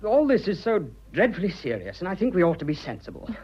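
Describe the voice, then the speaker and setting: A man's voice: high voice, huge pitch swings, fast talker, a little mellow, slightly rough, full character voice. An English actor playing an earnest, bashful young businessman declaring his love, in 1940s radio acting. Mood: flustered, ardent. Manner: bashful, blustering, eager. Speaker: suitor. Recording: dull old radio broadcast.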